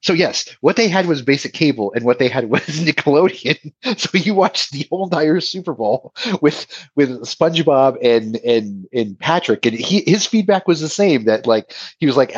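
A man's voice: fairly high pitch, expressive, moderate pace, slightly rough, no echo, muffled recording. A man hosting a podcast in casual chat, telling stories in a chatty way and often laughing. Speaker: podcast host.

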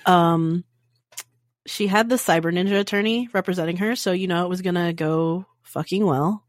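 A woman reporting on a casual political comedy podcast, blunt and profane, quick to giggle. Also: fairly low pitch, no room sound, clean studio sound. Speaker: podcast correspondent. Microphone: remote call recording.

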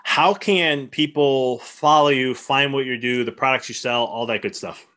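Male podcast host, bright tense voice, enthusiastic, rambling. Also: medium pitch, normal speed. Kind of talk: podcast interview.

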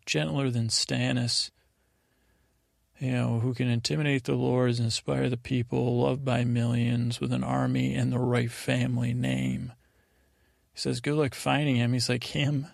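A man's voice: medium pitch, flat delivery, measured pace, gravelly, no room sound, studio quality. A man hosting a sleep podcast, casually retelling TV scenes in a meandering, drowsy way. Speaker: podcast host. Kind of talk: rambling sleep podcast recap.

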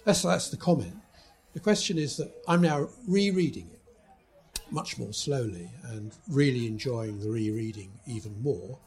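A man's voice: mid-range voice, expressive, moderate pace, a little mellow. A man in the audience at a book event, asking a hesitant, stumbling question of the author. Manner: hesitant, stumbling over words.

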